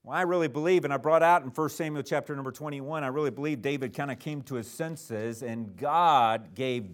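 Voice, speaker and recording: Male preacher, fairly high voice, earnest and emphatic sermon delivery in church. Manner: earnest, with frequent restarts and fillers, swells of emphasis.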